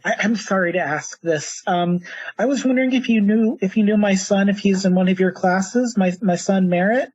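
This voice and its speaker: A man's voice: sits high, moderate pace, a little mellow, breathy edge, dull audio. A man voicing a polite middle-aged mother who asks hesitant questions.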